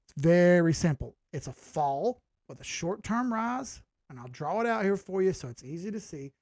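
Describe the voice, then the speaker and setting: A man's voice: high voice, lively intonation, normal speed, darkish tone, dry recording. A man hosting a live stream, walking viewers through a chart in a casual, joking way and asking them rhetorical questions. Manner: casual, chatty, full of rhetorical questions and jokes. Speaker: crypto chart analyst, stream host.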